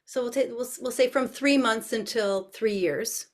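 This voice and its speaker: A woman's voice: on the high side, moderate pace. A middle-aged woman dance educator explaining her teaching with enthusiasm in an interview. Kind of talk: interview answers.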